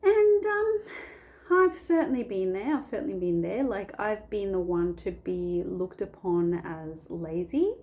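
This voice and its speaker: A woman's voice: fairly low pitch, animated, measured pace, hardly any pauses, mellow. A woman chatting casually at home about a Bible story, rambling and restarting her sentences often. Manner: rambling, self-interrupting, many restarts. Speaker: faith vlogger.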